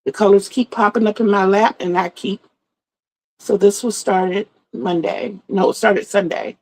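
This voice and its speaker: A woman's voice: mid-range voice, steady tone, measured pace, a little mellow, rough recording. Chatty middle-aged woman, rambling. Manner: rambling, chatty storytelling, greets viewers by name. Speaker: livestream host. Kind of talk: casual livestream chat.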